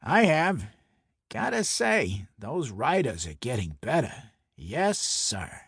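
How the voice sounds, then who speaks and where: A man's voice: mid-range voice, huge pitch swings, gravelly, fairly bright tone, slightly rough, no room sound, clean studio sound, exaggerated voice. A man voicing a brash middle-aged mob enforcer with a Brooklyn accent, boisterous and needling. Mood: jovial, teasing. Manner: boisterous, needling, quick to anger. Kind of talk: audiobook character voice.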